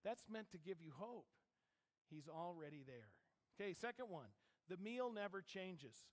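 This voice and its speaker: A fairly high-voiced male pastor gives a sermon with an easy, conversational delivery, checking in with the congregation as he goes. His voice carries a long reverb from the church hall around him. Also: sing-song, a little slow. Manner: conversational, asks the congregation questions. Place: church sanctuary.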